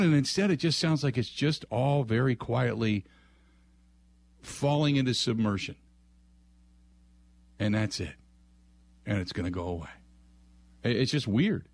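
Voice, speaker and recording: A man's voice: medium pitch, lively intonation. A man hosting a sports call-in radio show, thinking aloud with frequent restarts and trailing phrases. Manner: musing, halting, many restarts.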